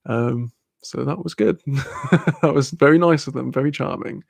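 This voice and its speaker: A young streamer from Newcastle, England, with a Newcastle accent, rambles casually while reading chat, laughing a lot and swearing freely. His mid-range voice is gravelly, a bit fried, and unhurried. The recording sounds close and dry, with no room echo.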